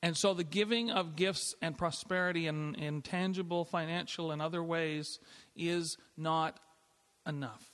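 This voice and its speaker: A middle-aged man preaching in a church sanctuary, his slightly high voice ringing with a long hall reverb. He talks in an easygoing, conversational way, restarting phrases and laughing lightly as he goes. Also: steady tone, unhurried, a bit bright. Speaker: pastor. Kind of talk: sermon.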